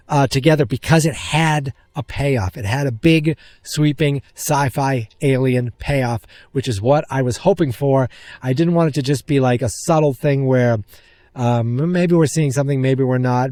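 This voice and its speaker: A man's voice: medium pitch, no echo. Podcast guy gushing about a movie he just saw, rambly, mid voice, dry sound. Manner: excited, rambling retelling of scenes. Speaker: podcast host. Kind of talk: casual movie recap.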